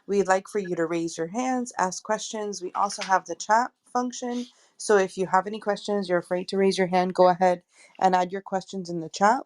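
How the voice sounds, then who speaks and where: A woman's voice: mid-range voice, a little mellow. Woman co-hosting an audio room. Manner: friendly, inviting, explaining the room's rules. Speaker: co-host, stress coach. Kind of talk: casual podcast hosting.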